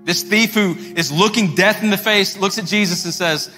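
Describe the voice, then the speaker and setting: A male pastor in his thirties preaches with a sharp, very bright voice that sits a little high. He tells his story conversationally to the congregation. The sound carries a long hall reverb with faint music underneath. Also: normal speed. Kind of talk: sermon. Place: church sanctuary.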